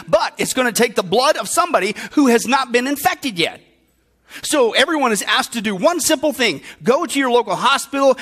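A male pastor delivers a sermon in a strikingly high, bright voice. He tells an imagined story and presses the listeners with repeated rhetorical questions. His delivery is animated throughout.

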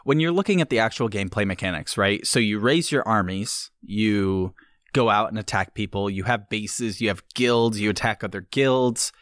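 A man co-hosting a podcast in casual chat, animated and joking, acting out little quotes. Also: on the low side, normal speed, no echo, studio quality. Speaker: podcast co-host.

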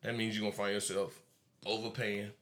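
A man's voice: fairly low pitch, little pitch movement, brisk, fairly bright tone. A man as a podcast guest, talking bluntly and casually, laughing often.

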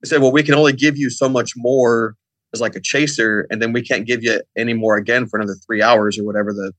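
Brief: middle-aged male podcast guest, quick rambling delivery, dry close mic. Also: mid-range voice, steady tone, a bit bright, no room sound. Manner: rambling, lots of fillers and quoted dialogue. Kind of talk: casual storytelling.

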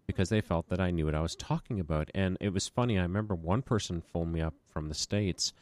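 Deep-voiced and a little mellow, this small-business owner talks fast in a casual podcast conversation. He rambles through stories with a self-deprecating sense of humor.

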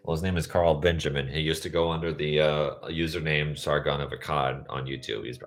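A young man from the United States, hosting a casual podcast chat, rambling through tangents with deadpan jokes. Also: rumbling low, a little fast. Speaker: podcast host.

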